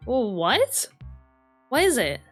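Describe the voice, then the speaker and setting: A woman's voice: a little high, huge pitch swings, slow pace, soft background music, exaggerated voice. A woman voicing a young spaceship crew member in a horror visual novel, sarcastic and incredulous. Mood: wary.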